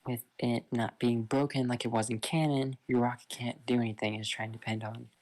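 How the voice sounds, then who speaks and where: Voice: mid-range voice, steady tone, a little fast, darkish tone. A person casually retelling a fan-fiction story, rambling and loose with lots of fillers.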